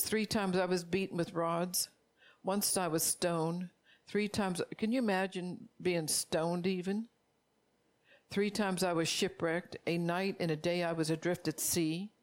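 A woman preaching a sermon, repeating phrases for emphasis and reading scripture aloud as she urges her listeners directly. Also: on the low side.

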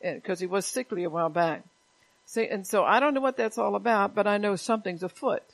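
A woman's voice: mid-range voice, fairly quick, creaky, rough recording. A woman pastor preaching a sermon in church, talking plainly and conversationally and often repeating her words.

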